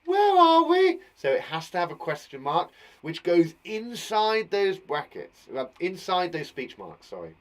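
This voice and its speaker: A man teaching young children, chatty and playful, slipping jokes between points. His voice sits a touch high. His pitch rises and falls freely as he explains. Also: big pitch swings, a little slow. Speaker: primary school teacher. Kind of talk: online lesson for young children.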